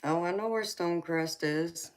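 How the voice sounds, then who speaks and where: A lowish-voiced woman with a Georgia Southern accent hosts a late-night live tarot stream, reading viewer comments in casual chat. She talks in a laid-back, slow drawl, laughs often, and calls her viewers honey and baby.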